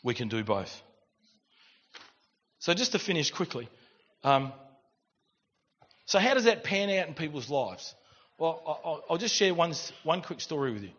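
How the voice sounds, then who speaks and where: A middle-aged man, preaching a sermon and telling stories in an animated way with quiet asides. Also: on the high side, normal speed, long pauses, husky. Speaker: pastor. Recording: dull recording in a reverberant church hall.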